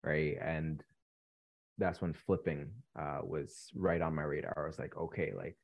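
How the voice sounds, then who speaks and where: A young man in his twenties from Canada, a guest telling his story in a relaxed interview with many ums. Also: very deep voice, a little slow, gravelly. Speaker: podcast guest, real estate investor. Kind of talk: casual interview chat.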